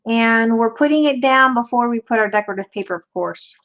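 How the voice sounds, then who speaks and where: A woman's voice: fairly high pitch, a little fast, a bit bright, dull audio. A woman hosting a craft tutorial, chatting casually and teasing playfully as she works. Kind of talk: casual demo while crafting.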